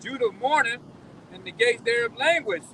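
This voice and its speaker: A man's voice: extremely high pitch, lively intonation, normal speed, bright, forceful tone, a little hiss or hum. A man reading scripture aloud outdoors, some distance from the mic.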